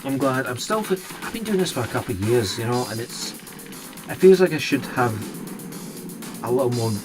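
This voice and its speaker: A Scottish man with an animated, mid-range voice hosts a live stream at a moderate pace, music playing behind him. He chats casually with viewers, rambling, hesitating, and restarting sentences often.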